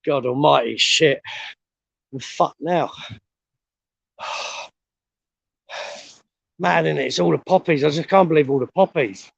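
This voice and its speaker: A man's voice: fairly high pitch, a little slow, creaky, pauses often, slightly rough, no room sound, dull audio. A middle-aged man out of breath, talking casually and bluntly with lots of swearing while walking up a steep hill outdoors, recorded on a handheld phone. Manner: blunt, swears a lot, rambling. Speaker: vlogger.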